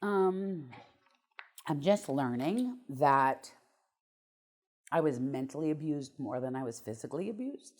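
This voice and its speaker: A woman's voice: low-pitched, animated, unhurried, long pauses. A middle-aged woman, a guest on an interview show, telling her life story bluntly and emotionally, with some swearing.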